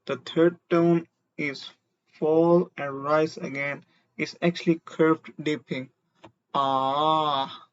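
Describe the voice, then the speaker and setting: A man teaching a beginner Mandarin lesson, explaining slowly and deliberately and having learners repeat syllables after him. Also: fairly high pitch, fairly even intonation, dull audio. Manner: slow, deliberate explanations with demonstrated tones.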